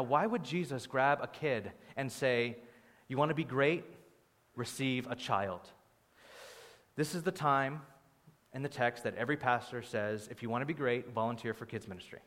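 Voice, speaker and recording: A young man preaching a sermon as pastor, in a conversational, animated way with playful asides. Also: mid-range voice, moderate pace, long pauses. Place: church sanctuary. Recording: long hall reverb.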